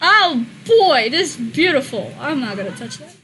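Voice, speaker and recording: A woman hosting her channel, chatting casually and excitedly as she plays and reads, gushing, swearing and squealing now and then. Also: sits high, normal speed, slight background noise, rough recording. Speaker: channel host. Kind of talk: casual commentary while gaming and reading.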